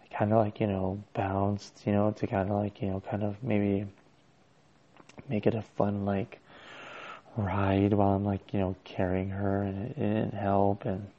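A man's voice: on the low side, little pitch movement, measured pace, dull audio, a little hiss or hum. A man telling a personal story as a father, in a casual, hesitant and rambling way with many restarts.

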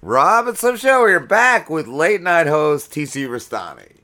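A man's voice: fairly high pitch, sing-song, measured pace, sharp tone, a little hiss or hum. A man hosting a podcast, interviewing guests in an upbeat, casual way. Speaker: podcast host.

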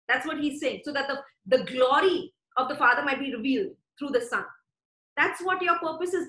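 High, bright woman preaching fervently. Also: roomy sound, low-quality recording. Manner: fervent, repeats phrases, talks conversationally. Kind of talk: sermon.

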